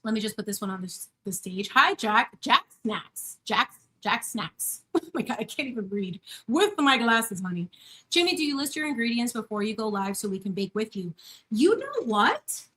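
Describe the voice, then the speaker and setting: A woman in her thirties with a slightly high voice chats casually while she bakes at home. She is effusive and gushing, greeting her viewers warmly by name. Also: lively intonation, brisk. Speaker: channel host. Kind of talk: casual live-stream chat while baking. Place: home kitchen.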